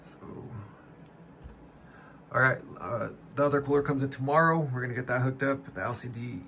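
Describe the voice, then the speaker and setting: A man's voice: mid-range voice, steady tone, normal speed, bright, forceful tone, a little hiss or hum. A man with a Southern US accent reviewing PC parts in a loose, rambling way, talking straight to his viewers from a cluttered room at home. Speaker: tech reviewer. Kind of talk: casual unboxing review.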